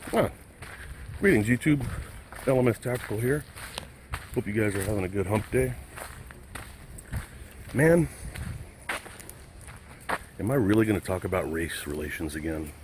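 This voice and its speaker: A man's voice: fairly low pitch, animated, unhurried, pauses often, noisy background. A man vlogging outdoors, ranting angrily and profanely in a rambling, casual way. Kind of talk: casual rant to camera.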